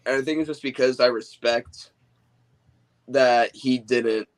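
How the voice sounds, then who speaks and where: A man chatting as a guest on a live stream, rambling and excitable as he talks through old memories. His voice sits at an ordinary middle pitch. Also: a little slow, rough recording. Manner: rambling, excitable fan talk. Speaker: guest wrestler. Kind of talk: casual podcast chat. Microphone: remote call mic.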